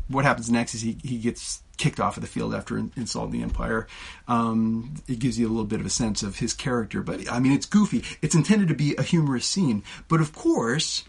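A man's voice: medium pitch, gravelly, husky. A male preacher giving a conversational sermon with casual asides, often restarting his sentences. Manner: conversational, with frequent restarts and filler words.

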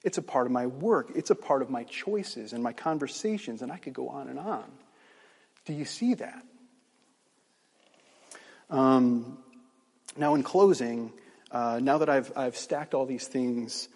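Earnest preacher in a reverberant hall. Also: male voice, mid-range voice, measured pace, vocal fry, long pauses, a little mellow, breathy edge. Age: middle-aged. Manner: earnest, emphatic, with frequent restarts and fillers. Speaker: pastor. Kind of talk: sermon closing in prayer.

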